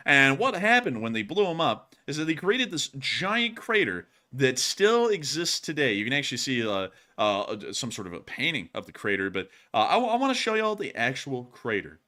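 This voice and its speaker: Lively, bright-voiced man. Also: mid-range voice. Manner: animated, chuckling, rambling with fillers. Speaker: host of war news stream. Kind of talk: casual live-stream chat.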